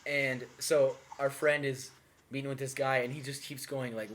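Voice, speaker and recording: A man's voice: medium pitch, steady tone, brisk, a bit bright. Jokey young man with a light hiss. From grew up abroad as a third culture kid. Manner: jokey, laughs often, acts out voices in stories. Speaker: podcast co-host. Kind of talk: casual chat.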